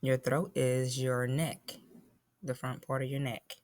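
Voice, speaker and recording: A woman's voice: very deep voice, level tone, slow pace, a little mellow. A woman teacher giving a phonics lesson to young children, patiently spelling and sounding out words.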